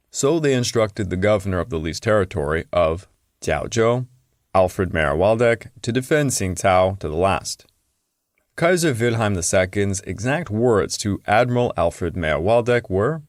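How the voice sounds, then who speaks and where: A man with a fairly low voice hosts a history podcast, telling the story in a relaxed, conversational way. He drops in blunt, wry asides. The recording is close and dry, with no room sound. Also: no echo. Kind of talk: casual history narration.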